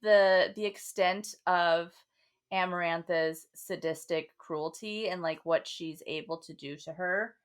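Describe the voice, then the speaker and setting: A woman co-hosting a book podcast, chatting casually with many fillers and quick laughs. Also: on the low side, steady tone, clear, resonant tone. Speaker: podcast co-host. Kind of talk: casual book-club chat.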